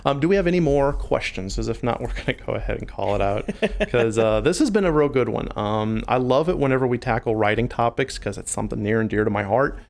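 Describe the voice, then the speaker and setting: A man with a New Orleans accent talks in a mid-range voice. He co-hosts a casual podcast chat about game writing. He is animated and addresses the listeners directly. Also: medium pitch, fast talker, gravelly, few pauses. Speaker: podcast co-host.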